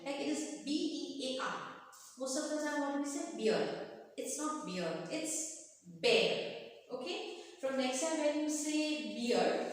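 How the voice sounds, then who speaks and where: A woman's voice: high voice, fairly even intonation, moderate pace, a little hiss or hum. A woman teacher gives a class, patiently repeating words to correct pronunciation. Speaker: English teacher. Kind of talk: recorded online class lesson. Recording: echoey room, voice far from mic.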